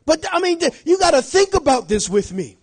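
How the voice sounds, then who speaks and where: A middle-aged man preaching a sermon, swinging from shouted lines to quiet asides and laughing often. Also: extremely high pitch, big pitch swings, a little fast.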